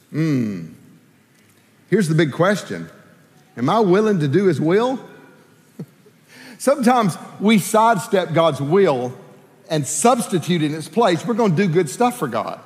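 Male pastor, high and lively voice, preaching in a hall with long reverb. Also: slow, pauses often. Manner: animated, acts out prayers in playful voices. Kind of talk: sermon.

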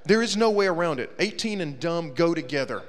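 A man telling a comedic story to a young audience, acting out his friends' voices and shouting the punchlines. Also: a little high, expressive, a little fast, in a large hall.

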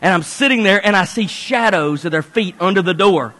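A male pastor preaching a sermon, his voice high and bright as he tells stories with playful asides. He sounds from a big hall with a long reverb. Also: a little fast. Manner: animated storytelling, playful asides.

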